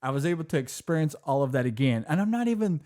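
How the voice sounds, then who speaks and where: A man's voice: fairly high pitch, animated, fast talker, a little mellow, no echo, studio quality. A man co-hosting a film podcast in casual chat, rambling and enthusiastic, restarting his sentences often.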